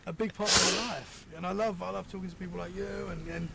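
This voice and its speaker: A man's voice: sits high, fairly even intonation, quick pace, gravelly, very noisy. A man with a British accent, a podcast guest chatting casually and telling rambling stories that he keeps correcting as he goes. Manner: rambling, self-correcting storyteller. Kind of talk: casual chat.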